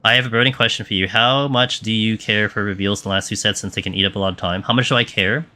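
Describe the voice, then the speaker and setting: A man's voice: lowish voice, steady tone, fast, pushed and bright. A young man streaming a game live, chatting casually and answering viewer questions with lots of fillers. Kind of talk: live gameplay commentary.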